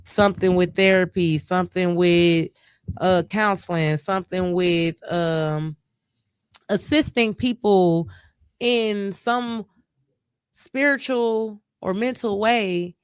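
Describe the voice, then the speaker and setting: A woman's voice: lowish voice, takes it slowly, clean tone, dry recording, clean studio sound. A grieving woman talking casually in a live stream chat, emotional and rambling, often restarting her sentences. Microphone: live stream mic.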